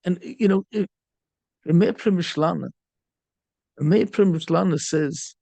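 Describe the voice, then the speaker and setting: High gravelly middle-aged rabbi preaching. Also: male voice, slow, warm tone, no echo. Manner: storytelling sermon peppered with Yiddish and Hebrew terms. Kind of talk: sermon.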